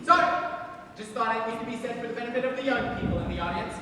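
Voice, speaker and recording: A man's voice: very high voice, quick pace. A young man playing a lonely, wistful middle-aged theatre fan who confides in the audience on a school stage. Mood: confiding. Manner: confiding, chatty asides to the audience. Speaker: stage actor. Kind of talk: school stage musical performance. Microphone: distant room mic. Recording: echoey hall from far off.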